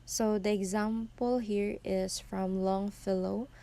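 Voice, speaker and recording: Slow, soft-toned young woman presenting. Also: medium pitch, steady tone. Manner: slow, careful explaining, reads definitions aloud. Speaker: student presenter. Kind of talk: classroom report on poetry.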